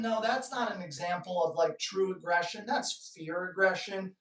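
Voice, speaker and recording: Male live-stream host, lively and joking, recorded at a distance in an echoey room. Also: sits high, normal speed. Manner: animated storytelling, joking asides. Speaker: dog trainer hosting a live Q&A. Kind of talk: casual live-stream talk.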